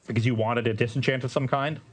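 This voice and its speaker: Man, mid-pitched voice, laid-back stream co-host explaining plays. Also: steady tone, quick pace, slightly rough. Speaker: commentator. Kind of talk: casual live-stream chat.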